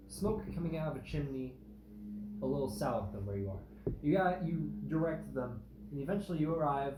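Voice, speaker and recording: A young man narrating as game master in a casual tabletop game, laughing often and swearing now and then. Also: fairly high pitch. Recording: echoey room with loud background noise.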